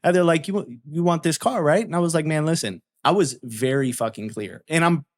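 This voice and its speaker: Profane, animated man telling a story. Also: fairly high pitch, fairly quick. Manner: profane, animated storyteller acting out both sides. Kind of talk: casual storytelling chat.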